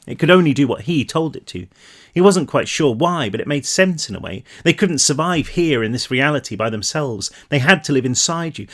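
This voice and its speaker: A man reads his own novel aloud in a plain, mid-range voice. His delivery is steady storytelling rather than acting, and he corrects a word now and then as he goes. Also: mid-range voice. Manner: steady storytelling read-through with small slips. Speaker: author reading his novel. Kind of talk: audiobook-style reading aloud.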